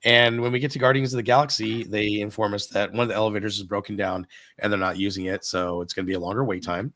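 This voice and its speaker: Lower-voiced middle-aged man telling a story. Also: fast, no room sound. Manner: animated retelling, acting out dialogue. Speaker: podcast co-host telling a park story. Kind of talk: casual storytelling on a live podcast.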